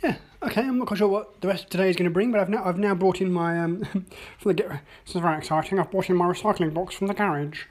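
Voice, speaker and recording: Vlogger at home rambling about coffee, lots of ums, goes quiet and murmury sometimes. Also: mid-range voice, fast, hardly any pauses. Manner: rambling and chatty, with many ums and self-mocking asides. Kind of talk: casual daily video diary. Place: at home, indoors.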